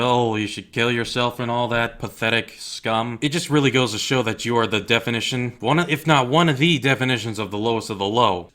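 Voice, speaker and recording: A young man delivers a heated rant straight to his audience. He is blunt and profane, with a mid-pitched voice that keeps pressing forward. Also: bright, forceful tone. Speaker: YouTuber. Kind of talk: angry rant to camera.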